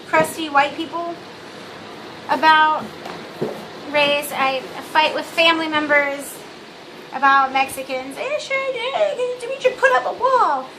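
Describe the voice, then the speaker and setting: A young woman talking casually in a vlog, bubbly and blunt, rambling with lots of fillers like a Valley girl. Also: high-pitched. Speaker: vlogger. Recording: noisy home recording.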